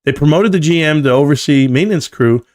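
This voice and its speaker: A man's voice: fairly high pitch, fairly quick, darkish tone. A man in his forties hosting a casual live stream, reading viewer comments aloud in a loose, joking, slangy way. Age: 40s. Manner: loose and joking, slangy, often says "bro".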